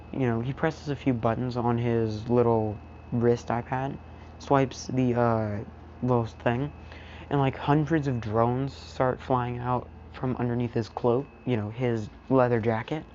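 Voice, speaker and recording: A man's voice: medium pitch, steady tone, measured pace, a little mellow, highs cut off, slight background noise. A man casually narrating an improvised fan story, rambling with lots of fillers.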